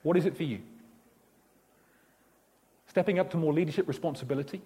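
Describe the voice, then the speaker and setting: A man's voice: a little high, brisk. A man preaching a sermon, telling stories and acting out the dialogue. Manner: animated storytelling, acts out dialogue.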